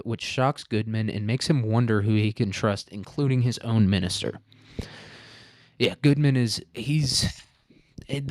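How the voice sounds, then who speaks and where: A man's voice: on the low side, a little mellow, no echo, clean studio sound. A young man hosting a casual, crude comedy recap of a story at home, joking a lot, laughing and saying "dude.". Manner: crude joking, says 'dude' a lot, laughs at own jokes. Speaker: host.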